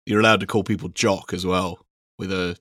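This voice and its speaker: Laid-back young man, low voice. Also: fairly even intonation, brisk, fairly bright tone, dry recording, studio quality. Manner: rambling, laughs often, swears casually. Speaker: podcast co-host. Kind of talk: casual football chat.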